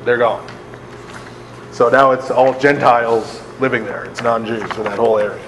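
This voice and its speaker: A man's voice: medium pitch, little pitch movement, moderate pace, fairly bright tone, a little hiss or hum. Man teaching a Bible study in a hall. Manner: conversational, laughs often, checks in with "right?" and "okay?". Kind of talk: live Bible study lecture. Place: large hall with a live group.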